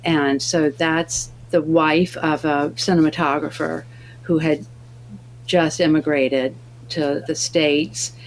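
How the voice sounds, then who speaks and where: Low-voiced actress telling animated stories. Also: female voice, slow pace, slight background noise. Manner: animated storyteller acting out dialogue. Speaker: actress guest. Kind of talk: remote interview anecdote.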